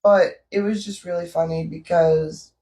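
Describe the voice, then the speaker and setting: A woman's voice: fairly low pitch, steady tone, a little slow, dark tone. A woman from Canada co-hosting a vlog, telling a story in casual chat and laughing often. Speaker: vlog co-host. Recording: roomy echo, distant from the mic.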